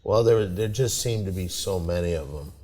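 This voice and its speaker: An older male comedian, a guest on a podcast, talking in a measured, reflective way. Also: low-pitched, dark tone, big-room sound. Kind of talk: casual chat.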